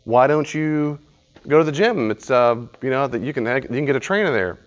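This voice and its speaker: A man's voice: mid-range voice, lively intonation, moderate pace, dull audio, voice pushed up, natural voice. A man voicing an eager friend who keeps pushing advice. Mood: coaxing. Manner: upbeat, pushy with advice.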